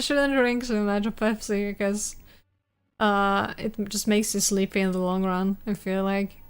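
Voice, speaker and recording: A young adult woman streaming live, chatting casually with viewers in a halting way, full of restarts and little laughs. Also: mid-range voice, fairly even intonation, smooth.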